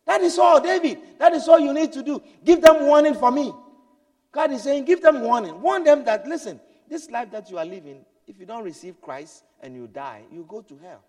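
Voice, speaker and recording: An expressive male preacher, very high-voiced and speaking at normal speed, delivers an impassioned sermon that moves from urgent, loud pleading down to hushed, low storytelling. A long reverb makes it sound like a large hall.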